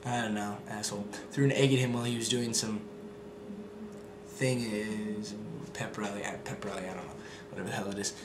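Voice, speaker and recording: A man's voice: on the low side, steady tone, fairly quick. Rambling young man vlogging. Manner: rambling, full of fillers and swearing. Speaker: video maker. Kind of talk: casual vlog chat. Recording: echoey room with background noise.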